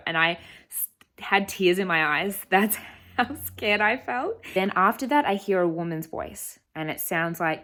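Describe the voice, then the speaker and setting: A woman's voice: on the high side, animated, unhurried, pushed and bright. A young woman telling a personal story in earnest, emphatic vlog voice-over. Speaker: travel vlogger.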